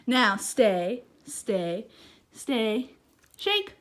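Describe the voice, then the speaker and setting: A woman's voice: a little high, huge pitch swings, takes it slowly, pauses often, a bit bright. A young woman filming at home, talking to her dog in sing-song baby talk full of praise and laughter. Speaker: vlogger. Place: home living room.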